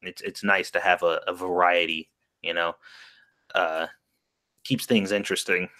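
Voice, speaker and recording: A man's voice: sits low, little pitch movement, unhurried, sharp tone. A man co-hosting a casual livestream chat, speaking crudely and laughing along at his own jokes. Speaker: co-host streamer.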